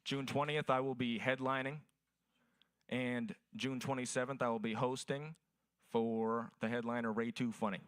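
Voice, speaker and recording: Crude young stand-up comic, dry mic. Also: male voice, mid-range voice, fairly even intonation, normal speed, fairly bright tone, clean tone, no echo. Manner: crude, storytelling, profane. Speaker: stand-up comedian. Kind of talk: stand-up set at open mic.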